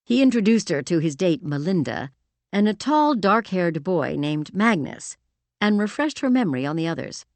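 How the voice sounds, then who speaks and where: Low-voiced woman reading a romance audiobook. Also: moderate pace, dry recording. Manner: expressive storytelling. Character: emotional woman, heroine. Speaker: audiobook narrator. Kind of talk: scripted narration.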